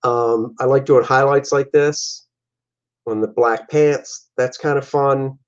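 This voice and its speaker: A man casually walks through his own comic pages, animated and chatty, often slipping into voices for his characters. The recording sounds dull and lo-fi. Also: medium pitch, takes it slowly. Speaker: comic artist and show host.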